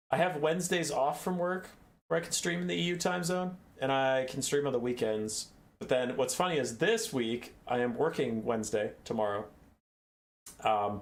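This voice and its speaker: A young man hosting a game tournament stream, chatting casually in a rambling, self-deprecating way. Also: mid-range voice. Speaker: tournament host and caster. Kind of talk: casual live-stream chat.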